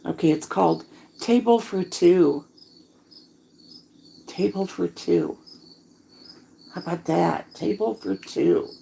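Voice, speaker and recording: A woman's voice: on the low side, slow pace, gravelly, long pauses, mellow, slight background noise, low-quality recording. A woman reading a story aloud outdoors at night and chatting casually to listeners between passages. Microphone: phone propped on a chair. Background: crickets and insects.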